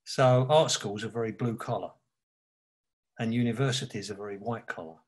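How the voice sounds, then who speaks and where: Husky Cockney man, blunt storyteller. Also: lowish voice, normal speed. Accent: Cockney (East London). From England. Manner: blunt, animated storyteller who swears. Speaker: author guest. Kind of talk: casual interview chat.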